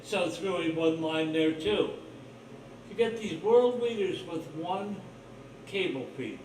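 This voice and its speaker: A man's voice: sits high, animated, unhurried, a little mellow, recorded from a distance, slight background noise. A man hosting his own livestream, talking in a rambling, blunt, profane monologue full of suspicion. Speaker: livestream host. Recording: roomy echo, voice off-mic, faint ambience.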